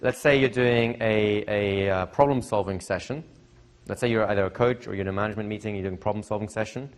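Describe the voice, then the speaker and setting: A fast-talking middle-aged man with a fairly low voice trains a live seminar audience in hypnosis. He's conversational and repeats phrases, frequently stopping to ask his listeners questions.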